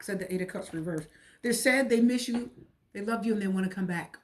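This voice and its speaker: A woman's voice: mid-range voice, fairly quick, darkish tone, slight background noise. A woman giving a casual, repetitive and emotional tarot reading. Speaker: tarot reader.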